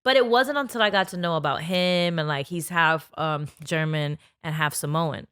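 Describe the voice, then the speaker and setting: A woman in her thirties from New York, guest on a casual talk show, telling stories in an animated way and acting out what people said. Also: low-pitched, normal speed, smooth, no echo. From New York, Bronx. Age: 30s. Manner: animated storytelling, acts out quotes. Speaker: guest comedian. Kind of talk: casual podcast chat.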